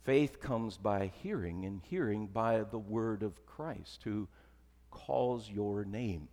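Man preaching in a reverberant church. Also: slow pace. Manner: conversational preaching, dropping to soft emphatic lows. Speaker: pastor. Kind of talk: sermon.

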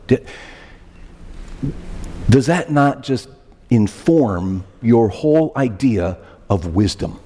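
Animated pastor preaching in a reverberant hall. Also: male voice, mid-range voice, slow pace, long pauses, slightly rough. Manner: animated, questioning, emphatic repetitions. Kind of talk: sermon.

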